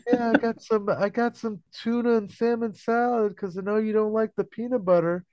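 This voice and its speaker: A man's voice: sits high, steady tone, normal speed, no echo, dull audio, voice pushed up, lightly acted. A man voicing a whiny, stammering upset man while retelling a sitcom episode.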